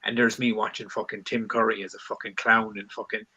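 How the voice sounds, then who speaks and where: A man's voice: fairly low pitch, little pitch movement, fairly quick, bright, forceful tone, breathy edge, rough recording. A man in his thirties co-hosting a podcast, telling rambling stories in casual chat and swearing heavily. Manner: rambling, heavy swearing, loose storytelling. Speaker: co-host.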